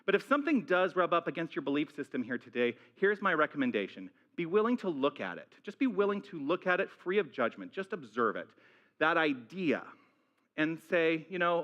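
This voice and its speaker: A male senior minister with an American accent, giving an excited, high-energy welcome to his congregation, a little out of breath. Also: fairly quick, highs cut off. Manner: enthusiastic, high-energy, exclaiming. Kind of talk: energetic church welcome and opening talk. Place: church sanctuary with a congregation.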